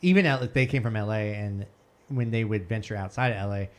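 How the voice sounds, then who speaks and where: A man's voice: on the low side, fairly quick. A man co-hosting a casual podcast chat, who laughs often and tells rambling anecdotes. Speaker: podcast co-host.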